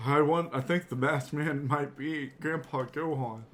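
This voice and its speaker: A man's voice: on the high side, fairly even intonation, unhurried, fairly bright tone, slight background noise. Laid-back man co-hosting a podcast. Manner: laid-back, agreeable, leads the segments. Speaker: podcast co-host. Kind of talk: casual podcast chat.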